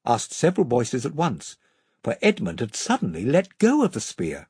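An audiobook narrator reading a children's fantasy story aloud, expressive and shifting pitch for each character. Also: moderate pace, slightly rough, dry recording, studio quality.

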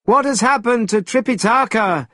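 A man voicing a bold, restless male monkey pilgrim in a storybook, brisk and commanding. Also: a little high, expressive, a bit bright, no room sound, studio quality.

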